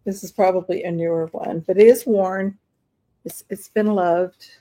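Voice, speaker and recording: A woman's voice: fairly low pitch, steady tone, normal speed. Chatty woman selling items on a live stream. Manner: chatty, rambling, warm toward bidders, many fillers. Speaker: live online auction seller.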